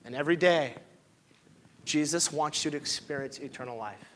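A man's voice: fairly high pitch, normal speed, fairly bright tone, slight background noise. A man preaching a sermon with impassioned delivery, building to emotional peaks and near tears. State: tearful. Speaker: pastor.

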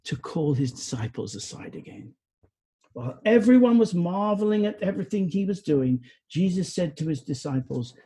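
A man preaches a sermon with earnest conviction, sometimes restarting his sentences. His voice is husky and sits fairly high for a man. He moves from lively passages to quiet, reflective ones. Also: moderate pace.

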